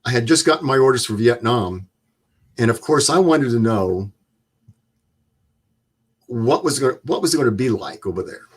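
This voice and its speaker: A man in his seventies, a guest, telling stories in a plain-spoken, measured way. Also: medium pitch, lively intonation, husky. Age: 70s. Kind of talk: storytelling interview.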